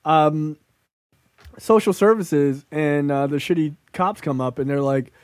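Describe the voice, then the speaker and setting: Man, film podcast co-host, slightly high voice, dry close sound, casual and profane. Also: measured pace, darkish tone, clear, resonant tone, dry recording. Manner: loose and profane, laughs often, quotes characters.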